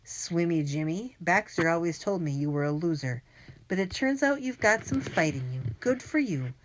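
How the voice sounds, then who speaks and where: A woman's voice: fairly low pitch, animated, moderate pace, slight background noise, natural voice. A woman reading an audiobook, voicing a bullying, greedy adult man who blusters, screams and wheezes. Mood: threatening. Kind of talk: audiobook character voice.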